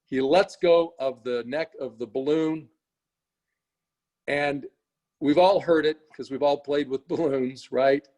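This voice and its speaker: A middle-aged man with a fairly high voice tells a story to his team in an earnest, animated way. He checks in with his listeners often and builds toward a lesson about not giving up. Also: slow. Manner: earnest, animated storytelling with frequent "you know" and "right?". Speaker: speaker at a morning team meeting. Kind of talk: storytelling motivational talk.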